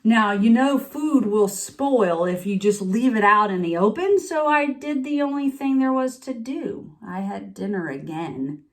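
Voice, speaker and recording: A woman's voice: fairly high pitch, expressive, a little slow, hardly any pauses. Self-pitying wolf telling his own side, as a woman reads it aloud; confiding, storybook read-aloud. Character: sniffly, self-pitying male wolf narrator. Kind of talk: picture-book read-aloud.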